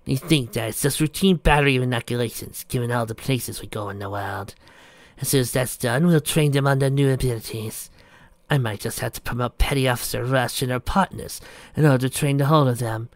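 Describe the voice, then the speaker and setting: A man's voice: medium pitch, fairly quick, no echo, natural voice. A man doing a smug scheming prince. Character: scheming smug male prince, power-hungry.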